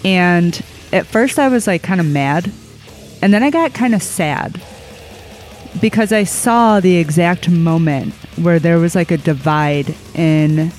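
A podcast host chatting casually in a soft, hesitant way. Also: mid-range voice, unhurried, soft background music. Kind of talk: casual chat.

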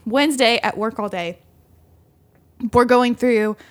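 A young woman casually telling a dating story on a podcast, animated, laughing often and acting out what others said. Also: a little high, a little slow, no echo. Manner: animated, laughs often, acts out quoted voices. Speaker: podcast co-host.

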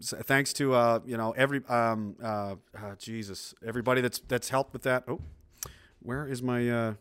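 A man's voice: medium pitch, no echo, clean studio sound. A man hosting a casual livestream, talking in a rambling way with many restarts. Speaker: livestream host.

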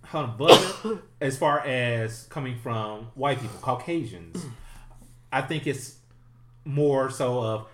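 A man's voice: medium pitch, lively intonation, slow, fairly bright tone. Chatty man in an echoey room. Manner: laughs often, breaks in with questions. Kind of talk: casual discussion.

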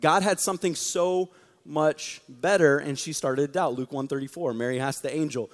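Joking, energetic preacher man in a reverberant hall. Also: a little high, normal speed. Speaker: youth pastor. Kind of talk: sermon. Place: church hall with an audience. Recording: long reverb of a large hall.

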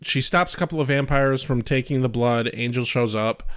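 Man, co-host, casual recap chat, matter-of-fact, mid pitch. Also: moderate pace, clear, resonant tone. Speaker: podcast co-host.

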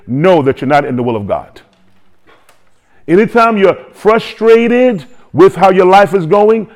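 Lively man preaching a sermon. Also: fairly high pitch. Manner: lively preaching with joking asides and repetition. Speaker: pastor.

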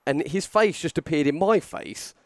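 A young man telling a story on a podcast, animated, acting out quotes with lots of fillers and restarts. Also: on the high side, moderate pace, no echo, studio quality. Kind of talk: casual storytelling chat.

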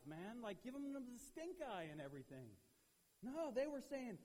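A man preaching a youth sermon in an animated way, acting out the people he quotes, with a husky voice. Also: high voice, moderate pace. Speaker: youth pastor. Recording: long hall reverb.

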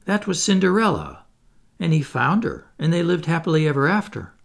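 Wendy, a man doing a high excitable girl. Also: unhurried, creaky, husky, heavily acted. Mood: excited. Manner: breathless, exclaiming. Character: excitable well-bred young girl.

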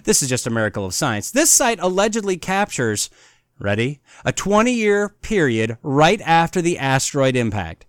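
A man's voice: on the high side, big pitch swings, moderate pace, smooth, dry recording, studio quality. A man hosting a podcast, sarcastically mocking an article as he reads quotes from it aloud. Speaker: podcast host.

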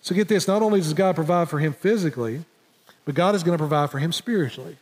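A male pastor preaching with a high, ringing voice and an emphatic delivery that swells and drops. His words carry a long reverb tail, as if spoken in a large church hall. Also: fast, a little mellow. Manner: emphatic preaching, voices God and Elijah in quotes. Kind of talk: sermon.

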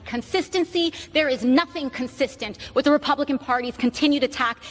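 A woman's voice: high-pitched, fairly bright tone, in a large hall, rough recording. A woman in Congress making an impassioned, indignant floor speech in a legislative chamber. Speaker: member of Congress.

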